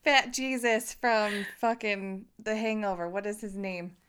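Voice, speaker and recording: A woman's voice: mid-range voice, steady tone, measured pace, a bit bright, smooth. A woman co-hosting a podcast in casual chat, swearing freely, laughing a lot and acting out her own reactions.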